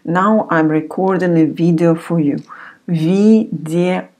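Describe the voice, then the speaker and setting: A woman teacher speaks at a very unhurried pace in a lowish voice. She says each word carefully, then repeats it several times so beginners can follow. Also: mellow. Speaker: language teacher. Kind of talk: recorded beginner lesson.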